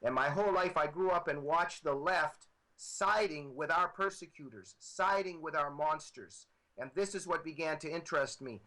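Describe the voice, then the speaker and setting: A man's voice: fairly high pitch, normal speed, pushed and bright, low-quality recording. A man appearing as a guest author, arguing with emphatic, repetitive political commentary over a computer microphone.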